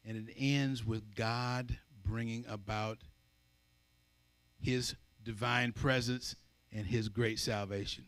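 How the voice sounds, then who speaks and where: A man preaching a sermon in a conversational, animated way, acting out voices as he goes. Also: medium pitch. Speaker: pastor.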